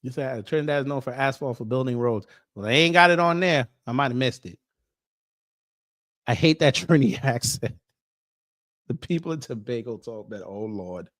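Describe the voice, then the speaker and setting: A man's voice: medium pitch, moderate pace, long pauses, a bit bright. Joking man reacting to his viewers. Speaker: commentary streamer. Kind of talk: casual reaction commentary.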